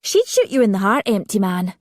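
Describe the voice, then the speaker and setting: A woman voicing an otherworldly young woman who speaks calmly and matter-of-factly. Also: medium pitch, fairly quick, no room sound, clean studio sound. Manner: calm, matter-of-fact. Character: strange, otherworldly young woman, calm and blank.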